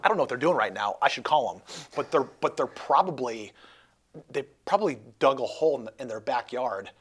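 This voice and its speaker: A man hosts a relaxed talk interview in a husky voice. He rambles, restarts his sentences and jokes around as he goes. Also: mid-range voice, a little fast. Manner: rambling, jokey, many restarts. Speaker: host. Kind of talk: casual interview chat.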